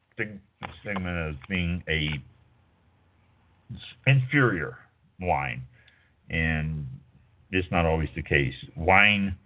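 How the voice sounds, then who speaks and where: A man's voice: sits low, narrow, tinny audio, slight background noise. A middle-aged man hosting a wine talk show, rambling casually with lots of fillers and stopping to correct himself. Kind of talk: casual talk radio monologue.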